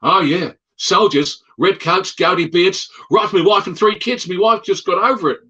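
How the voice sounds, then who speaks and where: Brief: storyteller doing a shaken Australian tourist dad, put-on Australian accent, loud and a bit raised. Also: male voice, sits high, moderate pace, slightly rough, lo-fi sound, pitched above the performer's own voice, exaggerated voice. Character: rattled Australian male tourist, blunt.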